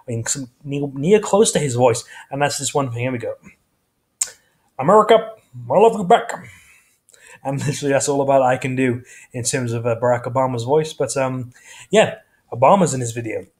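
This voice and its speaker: Casual male YouTuber, mid-pitched, loose and rambling, frequent restarts. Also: a little mellow. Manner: rambling, self-correcting, casual. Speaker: YouTube host. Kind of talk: casual vlog chat.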